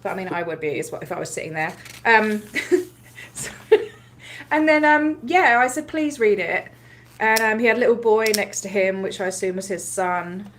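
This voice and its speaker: A woman with an Australian accent, telling a story in a casual livestream recap, chatty and animated, with many fillers and frequent laughs. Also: medium pitch, moderate pace, a little hiss or hum. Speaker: activist livestream host.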